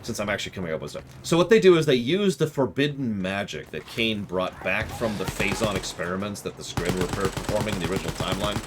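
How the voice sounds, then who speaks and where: A man streaming a video game, rambling and joking about game lore in casual chat. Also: fairly low pitch.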